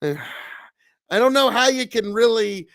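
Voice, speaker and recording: Speaking slowly in a very high, expressive voice, a rural-accented man from Nebraska hosts a laid-back live stream. He's blunt, swears freely, and breaks into bursts of loud indignation.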